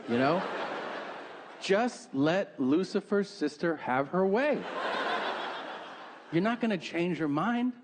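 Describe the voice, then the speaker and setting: A man's voice: fairly high pitch, big pitch swings, slow, pauses often, crowd noise. A man performing a stand-up comedy set on stage, telling profane stories about his family with mocking impressions. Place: comedy stage before a live audience. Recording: live show with audience noise.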